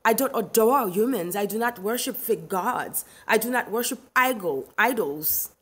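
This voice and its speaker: Middle-aged Haitian woman, fairly high voice, emphatic and indignant, laughs easily; livestream host. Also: animated, moderate pace, a bit bright, breathy edge. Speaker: live stream host. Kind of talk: livestream rant reading chat.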